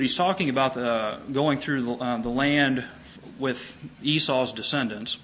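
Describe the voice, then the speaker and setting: Male preacher, middle-aged, bright forceful tone, emphatic sermon delivery, faint hiss behind. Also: measured pace, rough recording. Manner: earnest, emphatic, rises in pitch on key points.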